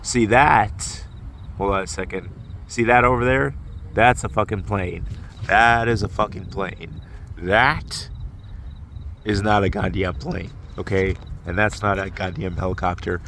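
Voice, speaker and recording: A man's voice: sits low, fairly even intonation, measured pace, a bit bright, slight background noise. A man with a stuffy nose, drowsy, rambling in a profane casual monologue full of fillers and restarts, recorded outdoors on a phone. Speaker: vlogger.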